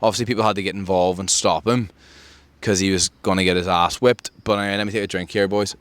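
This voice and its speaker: A man from Ireland tells a story on his podcast in a casual, animated way. He acts out what others said with sudden jumps in pitch. His voice sits fairly low, and the recording is close and dry with no room sound. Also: fast, clean tone, no room sound. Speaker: podcast host.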